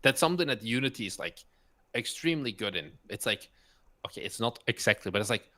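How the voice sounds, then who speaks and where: A man's voice: mid-range voice, animated, pushed and bright. A man co-hosting a casual game development podcast chat, filling his talk with "like" and "basically". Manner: quick, with lots of "like" and "basically". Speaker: co-host.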